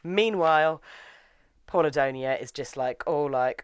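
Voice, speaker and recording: A woman's voice: sits low, unhurried, smooth, dry recording, studio quality. A woman casually recapping a story's plot in a chatty way, full of "like" and "you know". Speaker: reviewer.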